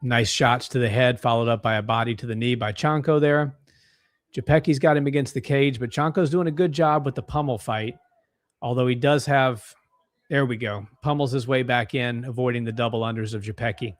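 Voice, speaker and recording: Young male co-host, casual live fight commentary, excitable, mid pitch, dry close mic. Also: brisk, no echo. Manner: excitable, gasping at big strikes. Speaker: co-host of a fight watch-along stream.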